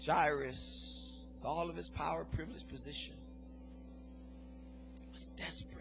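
A man's voice: a little high, steady tone, measured pace, gravelly, a bit bright, soft background music, low-quality recording. A man preaching an impassioned sermon to his congregation, calling out to the listeners. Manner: impassioned preaching, call-and-response. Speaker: pastor.

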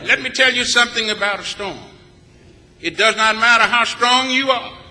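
A preacher from Texas delivering a sermon in a church, speaking in a rhythmic, emphatic style with many repeated phrases. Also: male voice, very high voice, normal speed, pushed and bright. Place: church sanctuary. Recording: long reverb of a large church. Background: congregation answering back.

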